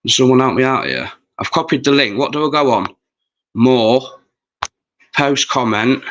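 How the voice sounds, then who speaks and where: A man's voice: medium pitch, lively intonation, moderate pace, a bit bright, lo-fi sound. A man, chatting casually and swearing freely while hosting a livestream. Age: 40s. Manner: rambling, sweary, chatty with viewers. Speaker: livestream host.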